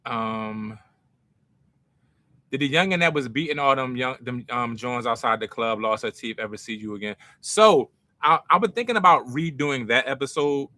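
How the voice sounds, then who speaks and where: A man's voice: mid-range voice, normal speed, pushed and bright, no echo. A young man from North Philadelphia with a Philadelphia accent, telling stories in a casual, self-mocking way with street slang as a podcast host. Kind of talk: casual storytelling to a live chat.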